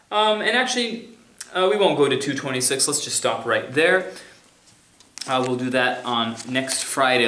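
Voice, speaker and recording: Bright-voiced male teacher in an echoey room. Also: medium pitch. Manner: casual, sings and scats rhythms to demonstrate. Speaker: music theory teacher. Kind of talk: recorded remote lecture.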